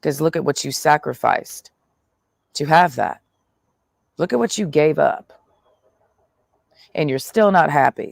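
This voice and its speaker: A man's voice: fairly high pitch, a little slow, creaky, dry recording, clean studio sound. A man in a blunt, profane monologue, speaking in the first person as God, full of slang and swearing. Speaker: vlogger.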